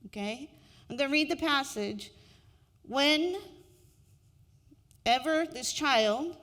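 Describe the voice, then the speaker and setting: A middle-aged woman minister giving a sermon in a slow, reflective way, repeating key phrases. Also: a little high, a bit bright. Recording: long hall reverb.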